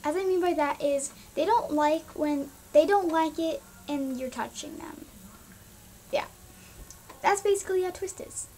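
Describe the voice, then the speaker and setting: A woman's voice: very high voice, measured pace, warm tone, slight background noise. A young woman vlogging casually, exasperated and scolding, with lots of "like" and "um". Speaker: pet vlogger. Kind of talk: casual ranting monologue.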